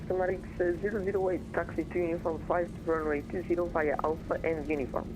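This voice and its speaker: Man, fast controller, higher voice, friendly radio phrasing, faint hiss. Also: little pitch movement. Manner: brisk, friendly phraseology with filler pauses. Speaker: air traffic controller on an online network. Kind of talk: radio air traffic control.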